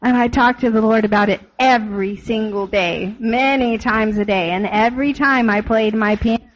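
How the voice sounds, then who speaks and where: Higher-voiced woman leading a children's sermon, quizzing the kids and telling the story with animation, dull lo-fi sound. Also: fairly even intonation, moderate pace. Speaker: children's church teacher. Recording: dull lo-fi recording.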